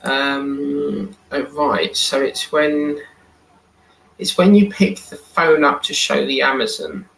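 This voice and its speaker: Chatty man, bright and echoey. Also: fairly high pitch, slow, gravelly, a little hiss or hum. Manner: chatty, reads and answers viewer comments aloud. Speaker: live stream host. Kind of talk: casual live stream chat. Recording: echoey room.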